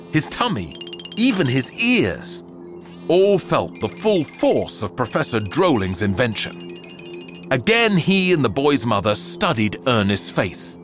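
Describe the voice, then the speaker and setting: A male storyteller reads a children's story at an unhurried pace, his pitch rising and falling dramatically. His delivery is theatrical and expressive, with faint music playing underneath. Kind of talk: storybook narration.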